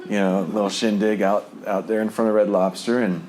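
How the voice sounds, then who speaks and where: Man, very low voice, personal testimony, rambling, lots of fillers, chuckles, faint hiss. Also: little pitch movement, brisk, a little mellow. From New Jersey. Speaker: speaker sharing a recovery testimony.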